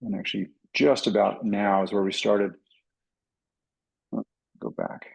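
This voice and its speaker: A man with a gravelly, somewhat husky voice tells a flying story to a club audience. He talks casually and with energy, and he acts out the radio calls as he goes. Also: lowish voice, fairly even intonation, measured pace, low-quality recording. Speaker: pilot and flight instructor. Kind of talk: casual talk to a pilots' club.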